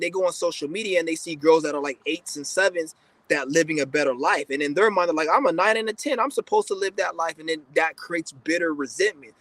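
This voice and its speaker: A man's voice: a little high, fairly bright tone, no room sound, low-quality recording. A man giving a blunt, profane, rambling casual monologue as a podcast host.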